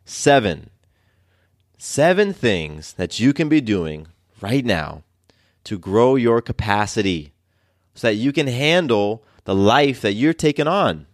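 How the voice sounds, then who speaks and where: A man in a podcast monologue coaches listeners on stress and growth. His voice sits fairly low and earnest, and he leans on repetition to drive points home. The sound is close and dry, with no room around it. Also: no room sound. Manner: earnest, coaching, repeats key phrases. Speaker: podcast host.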